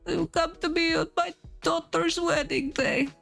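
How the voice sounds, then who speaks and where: A woman's voice: very high-pitched, steady tone, a little slow, gravelly, fairly bright tone, faint music behind, pitched above the performer's own voice, full character voice. A woman doing a half-hearted impression of a solemn old male mafia boss, without the accent. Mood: mock solemn.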